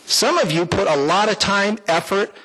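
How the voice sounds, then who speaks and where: A man's voice: high voice, moderate pace, a bit bright, slightly rough, low-quality recording. A man giving a folksy, heartfelt personal testimony to a church congregation, with small jokes along the way. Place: church sanctuary, before the congregation.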